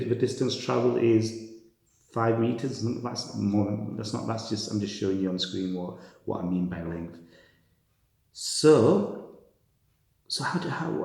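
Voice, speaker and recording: A man's voice: medium pitch, gravelly, a little mellow. A man tutoring a maths lesson, reasoning aloud step by step and repeating key words. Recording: very echoey room.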